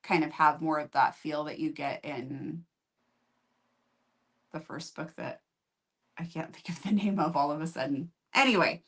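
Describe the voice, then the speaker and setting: Chatty woman reviewing books, low voice. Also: measured pace, long pauses, fairly bright tone, breathy edge. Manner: chatty, rambling, candid. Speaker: book review host. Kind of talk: casual chat.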